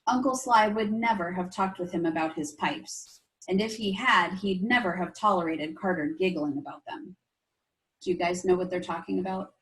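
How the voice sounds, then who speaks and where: A woman teacher reading a chapter book aloud to her class, expressive and stopping to explain things to the children. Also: mid-range voice, low-quality recording. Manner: expressive, asides to young listeners.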